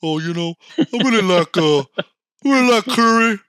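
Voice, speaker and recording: A man's voice: sits high, expressive, moderate pace, fairly bright tone, clean tone, dry recording, studio quality, pitched above the performer's own voice. A man doing a rambling impression of a middle-aged sports analyst with a put-on Southern drawl. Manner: rambling, hesitant betting picks.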